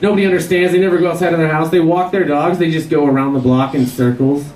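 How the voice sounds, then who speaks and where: A man's voice: fairly high pitch, steady tone, fast, darkish tone. A man doing a stand-up set at an open mic, ranting and swearing and laughing at his own jokes. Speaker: stand-up comedian. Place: bar or club open mic night. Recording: echoey room recorded from far off.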